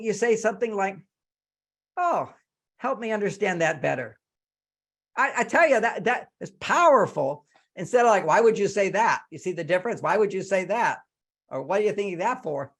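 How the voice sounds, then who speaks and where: Older guy on a zoom call giving dating tips, animated, does little voices for the quotes. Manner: animated, acts out quoted lines in a higher voice. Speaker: relationship author giving a talk. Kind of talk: advice talk with Q&A on a video call. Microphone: video call.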